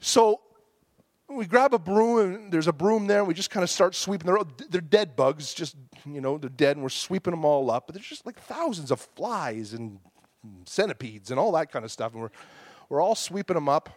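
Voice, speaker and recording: A man's voice: on the high side, animated, normal speed, no echo, clean studio sound. A man, preaching a sermon and telling a story about himself, acting out his own angry outbursts.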